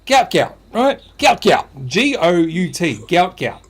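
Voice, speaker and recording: A man's voice: high voice, very animated, slow. A chatty man co-hosting a podcast, laughing as he talks his way through his segment. His voice sits slightly above the usual male range. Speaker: podcast co-host. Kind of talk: casual banter.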